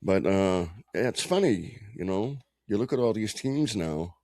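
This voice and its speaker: A man's voice: fairly low pitch, lively intonation, unhurried, warm tone, no echo, studio quality. A man co-hosting a sports podcast, chatting loosely with lots of swearing and jokey stories. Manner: loose, swearing, joking storyteller. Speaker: podcast co-host. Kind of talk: casual sports banter.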